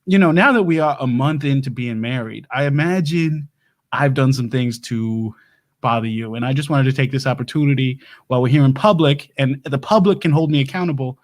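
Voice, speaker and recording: A man's voice: mid-range voice, a little fast, close to an everyday voice. A man playing a folksy doomsday prep lecturer, hosting a comedy livestream with rambling, stammering talk. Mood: earnest. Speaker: show host.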